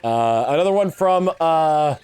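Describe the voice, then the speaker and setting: A young man chats casually through a game livestream, rambling and restarting his sentences. His voice sits a little high and moves around a lot in pitch. Faint music plays behind him. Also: expressive, measured pace, darkish tone, clear, resonant tone. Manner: rambling, many fillers and restarts. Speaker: game streamer.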